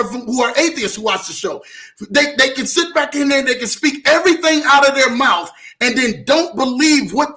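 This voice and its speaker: A man hosting a motivational faith talk, preaching with repeated lines and frequent shouting. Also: very high voice. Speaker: host.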